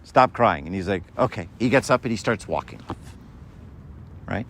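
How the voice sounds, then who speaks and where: A man's voice: fairly low pitch, animated, a little fast, creaky, husky. A man giving an informal sermon to a group, talking in a conversational way, often checking in with "right?" and acting out the voices in his stories. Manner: conversational, keeps asking "right?"; acts out quoted voices in a story.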